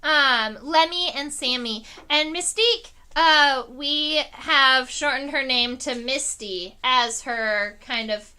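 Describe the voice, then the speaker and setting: Bright-voiced woman chatting on a stream. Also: slow pace, hardly any pauses, clean tone. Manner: chatty storytelling with fillers; animated, pitch rising on exciting parts. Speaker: entomologist streamer. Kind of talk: casual livestream chat. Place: home living room.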